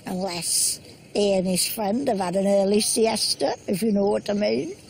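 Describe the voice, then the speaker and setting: An actress playing a chatty, gossipy holidaymaker. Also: female voice, medium pitch, moderate pace, vocal fry, darkish tone, a little hiss or hum, lightly acted.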